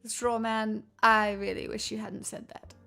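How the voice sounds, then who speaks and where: Slow, gravelly woman in a put-on transatlantic accent. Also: fairly high pitch, little pitch movement, sharp tone, faint music behind. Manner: drawn-out theatrical delivery, frequent swearing and laughs. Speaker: live streamer chatting with viewers. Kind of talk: casual stream chat in a put-on transatlantic accent.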